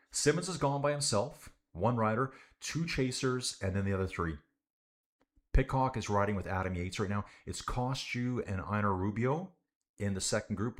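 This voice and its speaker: A young man with a lowish voice commentating a bike race live for his stream. He keeps it loose and chatty, calling his viewers guys and dude as he follows the riders and reads out comments. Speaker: livestream cycling commentator.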